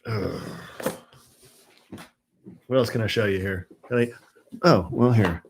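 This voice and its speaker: A middle-aged man hosts a casual live stream from home, chatting with viewers and ranting in exasperation, when his voice gets high-pitched. He speaks slowly with a creaky voice, and there's heavy background noise.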